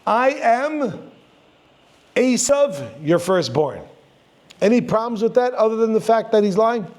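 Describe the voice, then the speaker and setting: A man's voice: high-pitched, unhurried. A man teaching a Torah class to a live audience, telling the story with jokes and acting out the characters' lines. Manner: animated, jokey, acts out characters' lines. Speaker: rabbi teaching.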